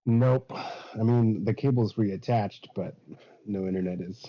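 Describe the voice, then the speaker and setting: A hoarse man getting over a cold, joining a podcast call from his phone, with a dry, understated manner. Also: lowish voice, unhurried. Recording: dull phone-call audio.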